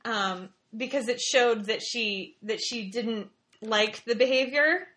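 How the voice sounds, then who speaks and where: A woman's voice: on the high side, takes it slowly, a bit bright. A woman, a mother, casually and emotionally telling a story as a guest, often restarting and repeating her words.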